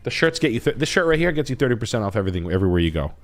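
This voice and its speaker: A man hosting a live stream, rambling in crude, joking talk that comes out in quick bursts. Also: lowish voice, very animated. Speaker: livestream host, realtor.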